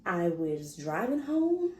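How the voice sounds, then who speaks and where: Chatting casually to the camera, a woman vlogger tells a story and acts out what people said in an animated, chatty way. Her medium-pitched voice moves at a slow pace, and the echoey room carries slight background noise.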